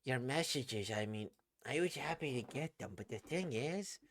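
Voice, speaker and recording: A woman's voice: very deep voice, lively intonation, normal speed, a little hiss or hum, voice pushed down. A woman voicing a cool, aloof teenage girl rival who speaks in a cold, clipped way while reading a comic aloud. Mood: flustered.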